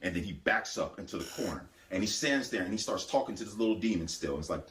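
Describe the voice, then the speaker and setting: A man with a lowish voice recounts a religious testimony with a lively, swooping delivery. He leans hard on repeated phrases and slips into the voices he quotes as he tells the story. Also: quick pace, few pauses. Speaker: Christian testifier.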